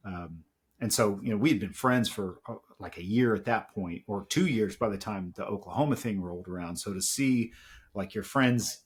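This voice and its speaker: A man's voice: on the low side, normal speed, husky. A middle-aged man, a podcast guest, telling heartfelt stories in casual chat with lots of fillers. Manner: reflective and heartfelt, with many fillers.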